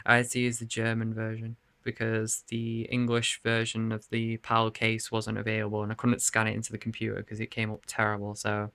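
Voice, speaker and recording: A man's voice: on the low side, monotone, moderate pace, gravelly, a bit bright, no room sound. A man rambling casually to camera in his bedroom about his game collection, laughing and swearing often. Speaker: video game collector showing his cases.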